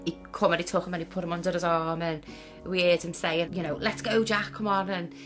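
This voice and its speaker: A woman interviewed for the news, emotional and halting as she speaks about her son. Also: lowish voice, level tone. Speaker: interviewed mother. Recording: TV news clip with music.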